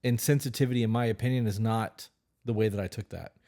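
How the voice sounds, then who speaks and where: A man's voice: fairly low pitch, fairly even intonation, fast talker, mellow. A man co-hosting a relationship podcast, talking bluntly and casually, swearing freely and often restarting his words. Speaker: podcast co-host.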